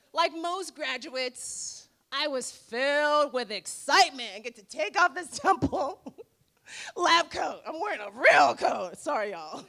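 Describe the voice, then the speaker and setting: A woman in her forties, a dentist giving an emphatic, rhetorical motivational speech with dramatic pauses at a gala. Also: fairly high pitch, pushed and bright. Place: gala event room.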